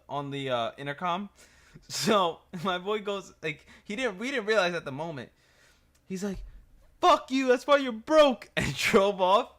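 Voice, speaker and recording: A man's voice: sits high, sharp tone. A man with a New York accent hosting a reaction video, telling stories in a rambling, profane way and laughing as he goes. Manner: laughs through stories, restarts often. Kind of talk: casual reaction commentary.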